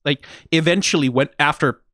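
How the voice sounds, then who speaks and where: A man's voice: a little high, moderate pace, a bit bright, no room sound, clean studio sound. A man hosting a reaction video, talking casually and animatedly, acting out characters' lines mockingly and swearing freely. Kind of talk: casual commentary.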